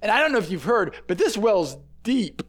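High-voiced man preaching a sermon. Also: very animated, fast talker, fairly bright tone. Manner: conversational, emphatic, repeats words.

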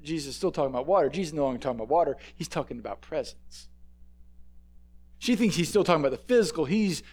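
Brief: male preacher, high and bright-pitched, casual emphatic sermon delivery with repetitions. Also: lively intonation, fast talker. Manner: conversational, emphatic, repeats words.

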